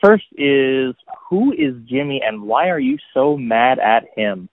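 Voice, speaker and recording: A man's voice: mid-range voice, wildly swooping pitch, measured pace, gravelly, slight background noise. Wry man on a tinny line. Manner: wry, teasing, laughs easily. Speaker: podcast co-host. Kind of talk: casual gaming podcast chat.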